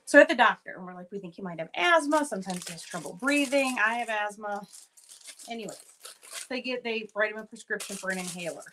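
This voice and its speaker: A woman in her thirties hosting a live jewelry sale, rambling through family stories with many fillers and acting out her kids' lines in a higher voice. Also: lively intonation, fast talker, a bit bright, a little hiss or hum, poor audio. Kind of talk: casual chatty live selling.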